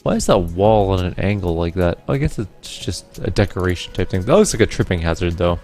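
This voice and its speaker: Wry low-voiced gaming host. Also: male voice, lively intonation, a little fast, darkish tone, soft background music. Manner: wry, offhand remarks. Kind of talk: let's play commentary.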